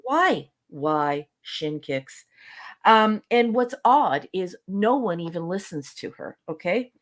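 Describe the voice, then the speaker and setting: A woman's voice: mid-range voice, animated, slow pace. A woman on a casual podcast, reviewing episodes in an exasperated, sarcastic rant.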